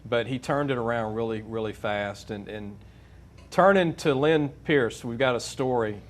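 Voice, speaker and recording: A man hosting a sports talk show, mid-pitched and easygoing. He chats loosely and keeps steering his guests with questions, often restarting his sentences. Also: moderate pace. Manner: chatty, leading questions, many restarts. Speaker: radio sports show host.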